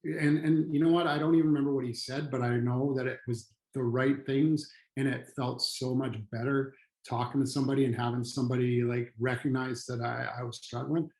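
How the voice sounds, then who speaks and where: A middle-aged man, a retired firefighter who now trains people on trauma and resilience, telling a personal story in a halting, earnest way with frequent restarts. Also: mid-range voice, flat delivery, darkish tone, reverberant, rough recording.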